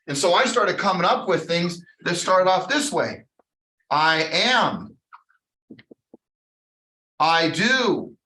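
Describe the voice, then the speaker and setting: A man's voice: on the high side, fairly bright tone, reverberant, low-quality recording. A man leading a sales training session, speaking in an earnest, emphatic way with preacher-like repetition. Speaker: real estate sales trainer. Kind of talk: motivational training talk.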